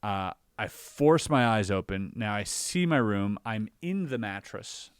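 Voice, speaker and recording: Animated man telling a story, dry sound. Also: lowish voice, measured pace, clear, resonant tone, no echo. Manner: animated, acts out his own reactions, many fillers. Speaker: podcast guest or co-host. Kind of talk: casual storytelling conversation.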